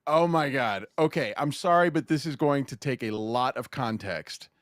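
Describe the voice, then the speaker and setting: A man's voice: medium pitch, normal speed, dry recording, studio quality. A man hosting a podcast, retelling a story in casual, profane chat. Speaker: podcast host.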